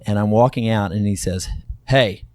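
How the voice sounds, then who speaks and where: A middle-aged man from Texas talks through his story as an interview guest, circling back with frequent fillers and restarts. His voice sits low and mellow. The recording is dry and close. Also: steady tone, a little fast, dry recording. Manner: rambling, many fillers and restarts. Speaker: guest, company co-founder.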